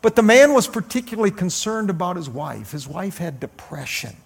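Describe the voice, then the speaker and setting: Male pastor giving a sermon; gravelly, higher-pitched, halting delivery. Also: sing-song. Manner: halting, with frequent uh fillers and restarts.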